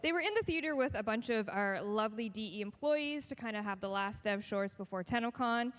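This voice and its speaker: An upbeat woman emcees a live stage event and keeps the show moving with a playful touch. Her voice sits a little high for a woman. She speaks with easy confidence. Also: lively intonation, a little fast, a little hiss or hum. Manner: upbeat, playful, running giveaways. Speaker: stage host.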